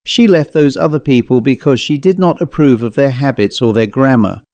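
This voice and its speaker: A man reading aloud and voicing an excitable, petulant young spinster woman in a high, fussy manner. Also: moderate pace, dry recording, dull audio, natural voice. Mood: tearful. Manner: high, fussy, breathless delivery.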